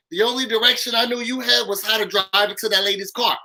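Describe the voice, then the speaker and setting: A man's voice: high-pitched, steady tone, fast, vocal fry, hardly any pauses, pushed and bright, low-quality recording. A man hosting a casual reality TV recap, talking in a sassy, dramatic, slangy way and repeating lines for emphasis. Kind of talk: casual live recap commentary.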